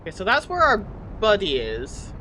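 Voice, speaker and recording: A medium-pitched woman's voice at a moderate pace belongs to a streamer casually commenting on her live gameplay. She thinks out loud and gets flustered, with steady background noise behind her.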